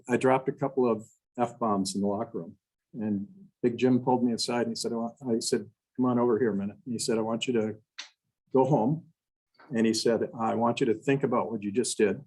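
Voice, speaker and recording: Older man with a husky, low voice. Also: a little mellow, poor audio. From Wisconsin. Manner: folksy, quotes mentors in their own words, many restarts. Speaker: guest speaker. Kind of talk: storytelling talk to a club meeting. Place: meeting room.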